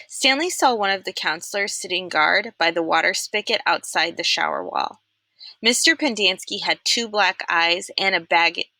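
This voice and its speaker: A young adult woman reading a children's novel aloud, expressive and animated, putting on character voices. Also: lowish voice, no room sound. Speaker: storyteller reading a chapter book aloud.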